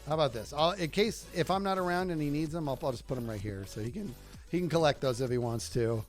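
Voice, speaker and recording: A man's voice: a little high, fast talker, faint music behind. A man streaming a video game live, joking and talking to himself as he plays. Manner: animated, joking, talks to himself while playing. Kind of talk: live gaming commentary.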